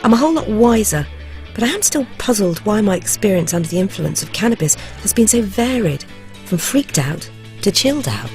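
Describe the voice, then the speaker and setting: Woman, documentary presenter, animated rise and fall in pitch, candid first-person narration, music playing clearly underneath. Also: brisk.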